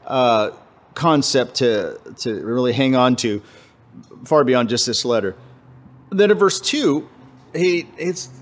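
A man preaching a conversational sermon, casual and halting, often restarting his phrases and acting out quoted voices. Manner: acts out quoted voices with jumps in pitch. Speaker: pastor.

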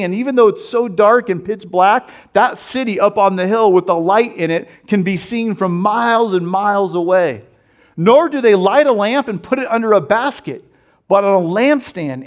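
A man in his thirties preaching a conversational sermon, reading scripture aloud and telling stories about his young son. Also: high voice. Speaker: pastor.

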